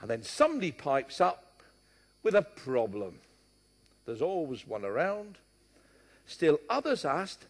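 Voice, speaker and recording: A middle-aged man with a West London accent preaches a sermon in a high, lively voice that swings widely in pitch. He drives his points home emphatically and drops in joking asides. His voice carries a long reverb from a large hall. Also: a little slow, pauses often. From born in Scotland, raised partly in London.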